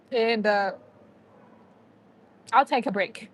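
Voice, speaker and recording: Slow-talking woman hosting a livestream. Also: a little high. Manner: chatty, talks to viewers and to a dog, laughs often. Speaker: livestream host. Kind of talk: casual livestream chat.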